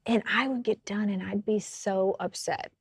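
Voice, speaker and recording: A woman talks through her story with lively, animated energy, laughing as she goes. Her voice sits at a middle pitch and sounds dry and close, with no room around it. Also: normal speed, slightly rough, no room sound. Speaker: podcast co-host. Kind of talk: casual faith chat.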